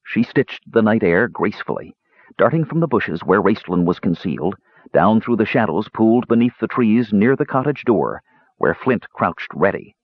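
A man reading a fantasy novel aloud in measured storytelling narration. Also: slightly rough, no room sound, muffled recording. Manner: measured storytelling, lively pitch. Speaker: audiobook narrator.

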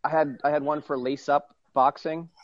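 A man telling a story in casual chat, halting and amused as he goes. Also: on the high side, little pitch movement, no room sound, lo-fi sound. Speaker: podcast panelist.

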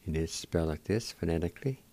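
A man's voice: deep voice, animated, fast talker, dark tone, dry recording. A man hosting a radio language lesson, spelling out words and repeating them syllable by syllable. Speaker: radio host teaching words.

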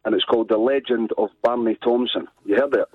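A Scottish man rambles on cheerfully as a phone-in caller, his story spilling out in loose, chatty runs. His voice is husky and comes through a thin, tinny phone line with no room sound at all. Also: medium pitch, fairly even intonation, brisk, no echo. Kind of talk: phone-in call.

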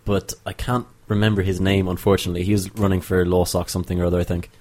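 Fast-talking low-voiced young man. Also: flat delivery, a little mellow. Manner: rambling storyteller, quick to joke. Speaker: student radio co-host. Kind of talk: casual banter.

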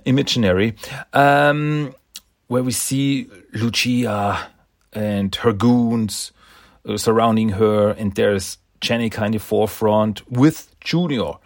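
A man's voice: on the low side, no room sound, studio quality. A man casually recapping a comic book issue, enthusiastic and rambling, often laughing and restarting words.

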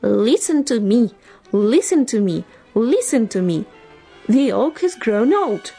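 A woman's voice: fairly high pitch, sing-song, slow pace, mellow, breathy edge, soft background music, full character voice. A woman voicing a male magpie, a fussy busybody who chatters shrilly. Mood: alarmed.

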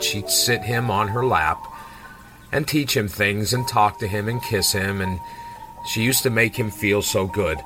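A low-voiced man retells a comic story panel by panel. He talks loosely and casually, with many fillers along the way. Music plays behind his voice. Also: rough recording.

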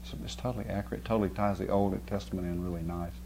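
A man's voice: low-pitched, steady tone, quick pace, dark tone, slight background noise. A man preaching a sermon, telling a homely story and often checking with his listeners. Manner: folksy storytelling with rising emphasis and frequent "right?" checks. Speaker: pastor.

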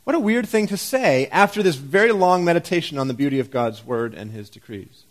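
A man preaching a sermon in a church, his voice a little higher than most. He talks in an easy, conversational way, asks the congregation rhetorical questions and drops in wry jokes. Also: animated, fairly quick. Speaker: pastor.

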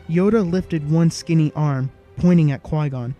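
A man reading a story aloud in an even, measured narration style. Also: on the high side, faint music behind. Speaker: audiobook narrator. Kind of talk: scripted narration.

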